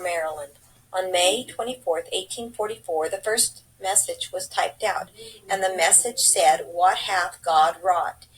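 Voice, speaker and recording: A woman presenting a slideshow report, reading it out in a plain, steady way. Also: medium pitch, rough recording.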